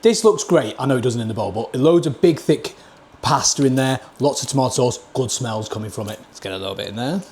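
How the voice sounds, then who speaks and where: A man with a Northern English accent tastes dishes at a table for a casual food review vlog, talking into a camera mic. His medium-pitched, darkish voice moves a little fast, with a slight hiss or hum in the background. He's blunt and plain-spoken, giving each dish a score out of ten.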